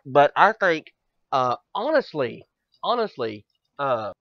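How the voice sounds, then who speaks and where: A man hosting a podcast, ranting loosely with plenty of swearing and stumbling restarts. His voice sits a touch high and swings widely. The recording is dry and lo-fi. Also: slow pace, no room sound. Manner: animated, profane ranting, stammers and repeats. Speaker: podcast host. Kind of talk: casual podcast chat. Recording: dull dry lo-fi audio.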